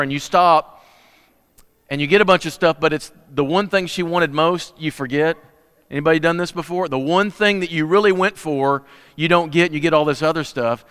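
A man preaching in a relaxed, folksy manner, chatting with the congregation and joking between points. His voice is smooth and resonant, pitched a little high. The sound carries a long reverb from the church room. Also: brisk. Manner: folksy, joking, many restarts. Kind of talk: casual sermon with announcements. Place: church sanctuary.

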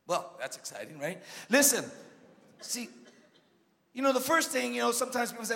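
Guest pastor guy preaching, real high voice, shouts then jokey mutters, big echoey church. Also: sing-song, moderate pace, creaky, pauses often. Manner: emphatic preaching, swings from shouts to low asides; joking asides to the congregation. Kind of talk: sermon. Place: church sanctuary. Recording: long church reverb.

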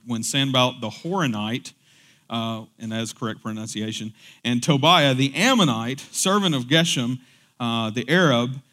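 A man's voice: medium pitch, a bit bright. A male pastor preaching a sermon in a church, talking casually and then building to emphatic, raised peaks.

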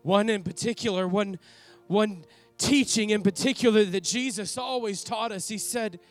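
A man's voice: sits high, moderate pace, soft background music, close to an everyday voice. A man playing Simon Peter, awestruck apostle. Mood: reverent. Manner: reverent, emotional, lingering on sighed exclamations. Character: awestruck older male apostle, earnest ex-fisherman. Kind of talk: dramatic first-person monologue.

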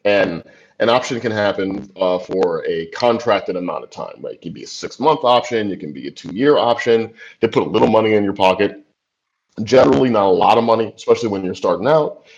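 A man in his forties, a screenwriter being interviewed, tells a long story in a relaxed, chatty way. His voice sits on the low side, and he keeps filling it with asides and laughs. The recording is muffled and lo-fi. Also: a little fast, creaky. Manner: loose and chatty, many "like" and "you know" asides, laughs easily. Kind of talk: casual storytelling. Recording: dull lo-fi recording.

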